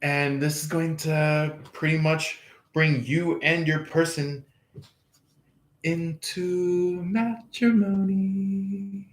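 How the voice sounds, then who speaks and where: Slow-talking man giving a tarot reading. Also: a little high, little pitch movement, fairly bright tone. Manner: rambling, chuckling, acts out quoted lines. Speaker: tarot reader. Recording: echoey room.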